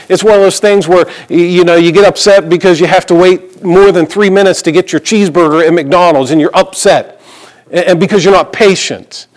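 Man preaching, slightly high-pitched voice, conversational sermon, personal stories, dry humor. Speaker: pastor.

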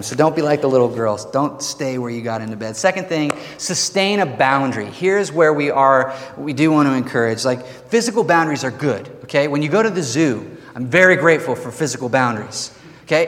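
A man's voice: mid-range voice, expressive, brisk, fairly bright tone. A man preaching a sermon in a casual, conversational way, with playful asides between his points. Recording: long reverb of a large hall.

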